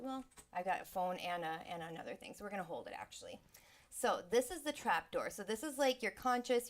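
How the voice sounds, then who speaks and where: A woman, a sound healer, explaining energy and the mind in a relaxed, chatty teaching talk, now and then acting out inner voices with sighs and exclamations. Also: medium pitch.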